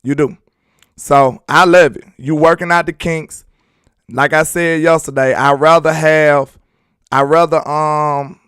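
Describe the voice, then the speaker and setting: A man's voice: on the high side, a bit bright, clear, resonant tone, no echo, clean studio sound. A man hosting a casual live sports talk stream, rambling loosely, chatting with viewers and laughing often. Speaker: sports talk show host.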